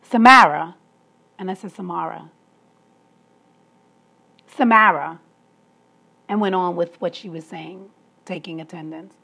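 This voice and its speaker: Husky woman telling a personal story. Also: on the low side, fairly even intonation, brisk, dark tone. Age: adult, past school age. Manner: emphatic, storytelling, laughs between points. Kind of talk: personal monologue.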